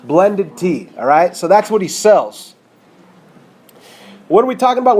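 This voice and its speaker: Male math teacher, high voice, casual and conversational, checks understanding often. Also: a little mellow. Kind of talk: whiteboard math lesson.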